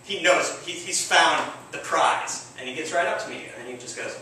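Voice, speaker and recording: Man, stage storyteller, wry, halting, high-ish voice, roomy echo, faint hiss. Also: bright, forceful tone. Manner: wry, self-mocking, halting with fillers. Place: theater stage. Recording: echoey room, distant mic.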